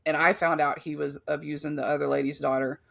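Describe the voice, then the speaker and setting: A fast, gravelly voice that sits low and stays steady comes from a woman in her thirties. She's a podcast host frankly relating her life story, profane throughout and full of fillers and restarted sentences.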